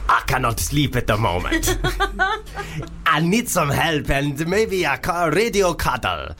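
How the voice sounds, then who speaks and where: A man's voice: a little high, wildly swooping pitch, takes it slowly, pushed and bright, pitched above the performer's own voice, full character voice. A man reading out a listener's email in a put-on comic foreign accent on a radio show. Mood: mock earnest.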